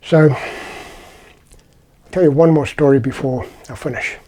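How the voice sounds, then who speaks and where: A man's voice: a little high, steady tone, takes it slowly, warm tone. A middle-aged man from South Africa with a South African accent, telling personal stories in a casual, rambling, conversational way. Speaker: vlogger. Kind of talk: casual anecdotal storytelling.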